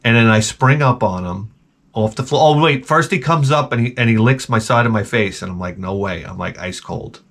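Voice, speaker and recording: A middle-aged man hosting his channel, telling a comic story in a profane, animated rant full of restarts. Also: medium pitch, moderate pace, creaky. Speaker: host.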